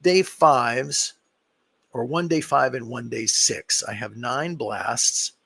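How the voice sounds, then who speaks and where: A man, a fertility doctor, answering viewer questions on a live stream in a relaxed, explanatory way, full of fillers and sounding tired. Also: mid-range voice, slow pace, vocal fry, breathy edge, no room sound. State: tired, yawning.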